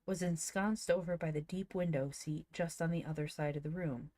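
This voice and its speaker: Low-voiced woman reading a storybook. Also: fairly even intonation, moderate pace, mellow, no room sound. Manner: reads aloud with occasional slips. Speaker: audiobook reader. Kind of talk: storybook narration.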